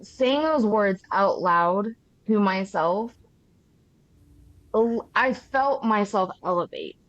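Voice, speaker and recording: A young adult woman co-hosting a podcast, speaking slowly and reflectively, searching for her words. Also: mid-range voice, expressive, no echo. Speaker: podcast co-host. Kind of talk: casual interview talk. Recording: dry, dull lo-fi sound.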